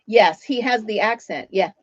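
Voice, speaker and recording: A woman's voice: mid-range voice, slightly rough, no room sound, muffled recording. A woman hosting a casual livestream from home, chatting with viewers while she crochets and laughing often. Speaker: livestream host.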